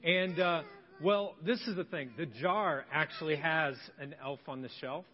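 A man speaking to children in a church, in a friendly, halting way full of "uh"s, with a fairly high voice. The sound is dull and lo-fi, with a long reverb from the hall. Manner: friendly, hesitant, many "uh"s.

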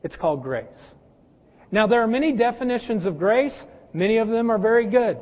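A man with a notably high voice preaches to his church in an easygoing, folksy way, talking to the congregation as folks and using homely stories. The recording is dull and lo-fi, with a long reverb trailing through the sanctuary. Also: animated, fairly quick. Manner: folksy, addresses listeners as folks; personal anecdotes and humor. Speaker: pastor. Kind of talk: conversational sermon.

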